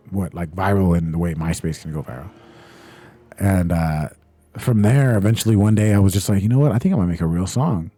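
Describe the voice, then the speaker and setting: A man's voice: deep voice, warm tone, slightly rough, dry recording. A young man hosting a casual livestream, chatting loosely and reading out chat messages, swearing often. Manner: laid-back, loose, swears often, reads chat aloud. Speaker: livestream host. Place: home streaming setup.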